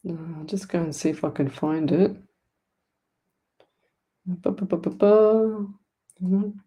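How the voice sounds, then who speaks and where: A woman's voice: on the low side, measured pace, mellow, husky. An Australian woman hosting a live psychic stream, chatting to viewers in a rambling, affectionate way. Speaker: psychic medium host. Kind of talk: casual live-stream chat.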